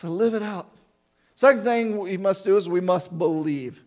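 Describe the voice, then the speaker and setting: High-voiced male pastor preaching, lo-fi. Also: normal speed. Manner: conversational preaching with frequent restarts and asides. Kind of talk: sermon.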